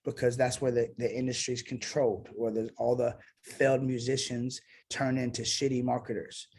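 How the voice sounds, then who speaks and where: A man's voice: mid-range voice, little pitch movement, normal speed, a little mellow, husky. A man, a musician guest talking casually and bluntly in an interview, swearing now and then. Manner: blunt, swearing, self-assured.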